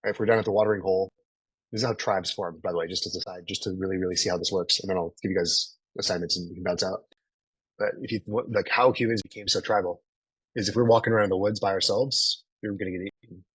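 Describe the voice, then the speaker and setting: A man's voice: low voice, steady tone, very fast, a bit bright, slightly rough, no echo, poor audio. A man in his thirties coaching a group in a live online training, casual and profane, always checking in with "right?". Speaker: sales coach.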